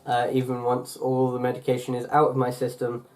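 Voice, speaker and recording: Young male vlogger, mid-pitch, chatty and meandering, lots of fillers and self-corrections. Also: monotone, fairly quick, darkish tone. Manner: rambling, full of fillers and restarts. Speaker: YouTuber. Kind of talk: casual vlog chat.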